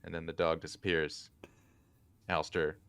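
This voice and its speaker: Male player on a voice call, very deep and smooth, slow, hesitant. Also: little pitch movement, fairly bright tone. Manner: unhurried, hesitant, with many ums. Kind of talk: casual tabletop play and narrating his character. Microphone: online voice call.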